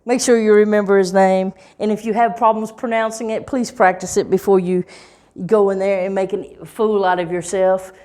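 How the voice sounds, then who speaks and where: A woman teaching English in a clear, deliberate way, stretching key words and checking in with "okay?" and "right?". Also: medium pitch, steady tone, darkish tone. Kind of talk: slow, clear teaching talk.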